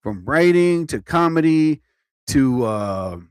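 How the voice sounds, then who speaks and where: A little high, lively in intonation yet slow, his voice is slightly mellow and smooth, with no echo and studio-quality sound despite the phone or computer mic. He's a comedian livestreaming casually from home, TV on overhead, rambling and chatty, interrupting himself and laughing at himself. A bit tired, he yawns a little.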